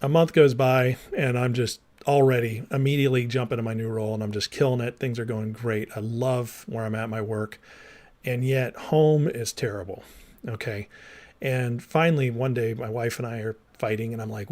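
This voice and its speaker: A man's voice: medium pitch, fairly even intonation, normal speed, a little mellow. A man tells his personal story straight to viewers in a candid, rambling way. He often says "like," restarts his sentences and acts out the lines of past conversations. He speaks as someone who was once a minister and counselor. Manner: rambling and candid, acting out remembered dialogue; heavy use of "like" and restarts.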